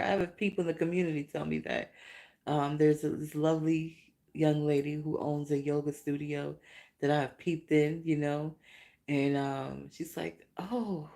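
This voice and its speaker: A woman hosting a casual vlog-style podcast, telling a rambling, animated story with repeated questions. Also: low voice, moderate pace. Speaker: podcast host.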